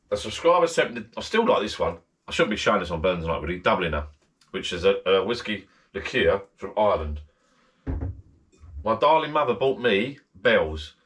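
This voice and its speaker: A man's voice: on the low side, fairly bright tone. Rambling man hosting a casual vlog. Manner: rambling, repeats himself, friendly direct address. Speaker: channel host. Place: backyard garden shed bar.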